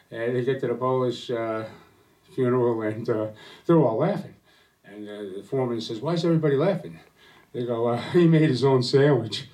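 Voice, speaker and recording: A male stand-up comedian tells jokes in a low voice, stumbling through fillers between punchlines. He sounds a bit distant from the microphone. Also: a little mellow. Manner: halting, filler-heavy delivery. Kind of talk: stand-up joke telling. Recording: voice slightly distant from mic.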